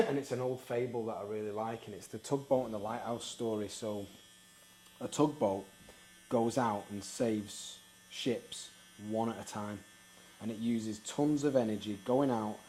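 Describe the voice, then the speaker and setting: A man's voice: fairly low pitch, a little slow, mellow, a little hiss or hum, rough recording. A man hosting an interview, telling stories in a reflective way. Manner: reflective, storytelling. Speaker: podcast host. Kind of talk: casual interview chat.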